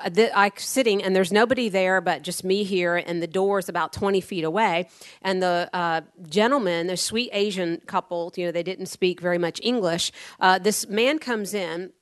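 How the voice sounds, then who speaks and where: A woman's voice: medium pitch, no echo. A woman from Tampa, Florida, preaching a sermon, a pastor telling rambling personal stories with firm, blunt dry humor. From Tampa, Florida, USA.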